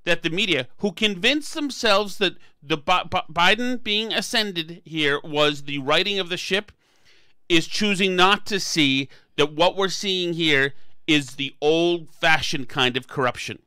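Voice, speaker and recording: A man's voice: fairly high pitch, a little slow, sharp tone, clean tone, no room sound. A man hosting a political podcast, talking emphatically and sarcastically, often restarting his phrases. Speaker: podcast host. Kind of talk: political commentary chat.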